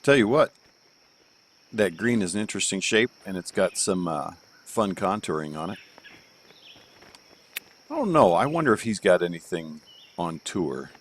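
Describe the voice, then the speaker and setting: A man with a low, animated voice streams live from home, reviewing golf courses at a moderate pace with slight background noise. His casual game commentary rambles and jokes as he thinks aloud, full of fillers.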